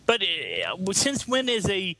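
A man's voice: high-pitched, wildly swooping pitch, slow, sharp tone. A man on a comedy podcast panel, reading a news story aloud with wry, sarcastic asides.

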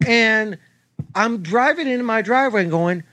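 A man co-hosting a comedy podcast, telling a story in an exasperated, swearing, animated way. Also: high voice, moderate pace, no echo. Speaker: podcast co-host. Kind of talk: casual chat, ranting story.

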